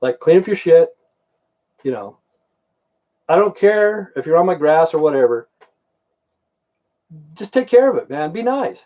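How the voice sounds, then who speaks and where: Speaking into the camera, a middle-aged American vlogger delivers an angry, profane rant, repeating himself in heat. His fairly high, mellow voice swings widely in pitch, unhurried and broken by long pauses.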